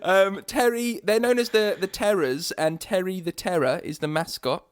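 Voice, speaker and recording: A man's voice: sits high, moderate pace, clean tone, dry recording, clean studio sound. A man co-hosting a podcast in casual chat, rambling along with lots of ums and restarts. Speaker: podcast co-host.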